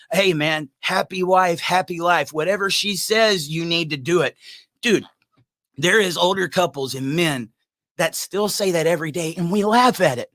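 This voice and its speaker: A man hosting a podcast, delivering a fired-up, preachy monologue that climbs into shouts. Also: a little high, normal speed. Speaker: podcast host.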